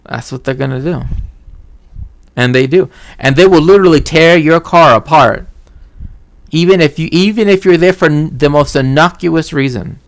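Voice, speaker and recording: A man's voice: a little high, moderate pace, dry recording. A man hosting a stream, telling a story in a rambling, self-interrupting way, often starting over mid-sentence. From Mexico. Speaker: stream host. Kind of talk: casual chat.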